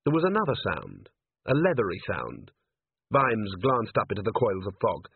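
Man reading a story aloud, expressive up-and-down voice, phone-ish audio. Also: on the low side, normal speed, vocal fry, slightly rough, no echo. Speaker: narrator. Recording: tinny phone-like sound, dry.

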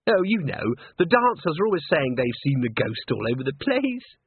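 A man voicing a silly, airheaded young female singer who talks in a high, drawn-out, dismissive way. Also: big pitch swings, husky, no echo. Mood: condescending. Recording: dry, tinny phone-like sound.

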